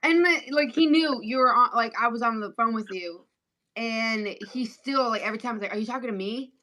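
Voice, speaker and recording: Rambling woman sewist with a high voice. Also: normal speed, sharp tone. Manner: rambling, filler-heavy, forgetful. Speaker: guest sewist. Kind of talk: casual chat while sewing. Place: converted garage workroom.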